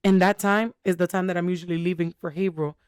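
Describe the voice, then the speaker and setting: A woman's voice: on the low side, fairly even intonation, quick pace, clean tone, no room sound, clean studio sound. A young woman co-hosting a podcast, telling a candid, rambling story full of fillers in casual chat. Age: young adult. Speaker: podcast co-host.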